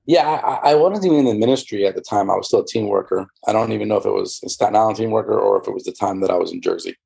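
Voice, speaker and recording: Man, dark mellow voice, rough gravelly edge, rambling candid interview storytelling. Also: lowish voice, rapid-fire. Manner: rambling with many fillers and restarts. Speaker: interview guest, former church member.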